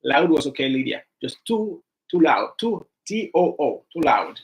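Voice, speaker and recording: A man teaching an English grammar class online, animated and repetitive as he coaxes his students to give examples. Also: on the high side, unhurried.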